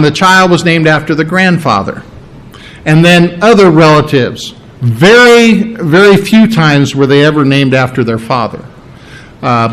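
A man's voice: on the high side, low-quality recording. A man preaching a conversational sermon to a congregation, stressing points and checking in with his listeners. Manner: conversational, emphatic, checks in with "all right?". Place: church before a congregation.

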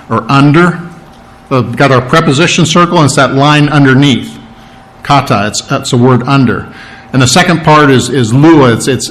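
A man preaching a sermon in a conversational way, who repeats words for emphasis and often clears his throat. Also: mid-range voice.

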